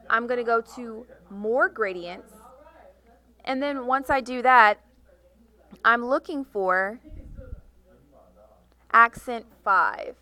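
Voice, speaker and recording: A woman teaching a software tutorial, talking through each click step by step and reading instructions aloud. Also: fairly high pitch, takes it slowly, pauses often. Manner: reads instructions aloud, correcting herself. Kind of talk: screen-recorded software tutorial.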